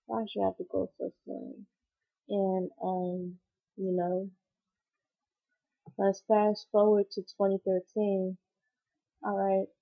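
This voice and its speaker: A woman's voice: medium pitch, creaky. A young woman telling a personal story on her channel, rambling and emotional with many fillers. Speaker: vlogger. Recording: dull lo-fi recording.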